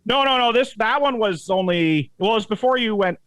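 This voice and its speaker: A man's voice: high-pitched, fairly quick, no echo. A man co-hosting a podcast, telling rambling stories in casual banter and jumping into funny voices. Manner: storytelling, animated, slips into voices. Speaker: co-host, comedian.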